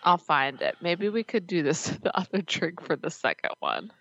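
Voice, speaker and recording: A woman's voice: fairly low pitch, huge pitch swings, normal speed, a bit bright, muffled recording. A woman co-hosting a podcast in casual chat, blunt and joking, swearing casually. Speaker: podcast co-host.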